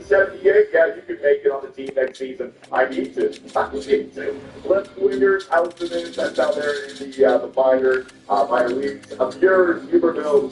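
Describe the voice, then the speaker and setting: A man's voice: on the high side, darkish tone. A young man commentating his own gameplay, thinking aloud and getting frustrated. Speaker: gaming channel host. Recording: roomy, somewhat distant mic.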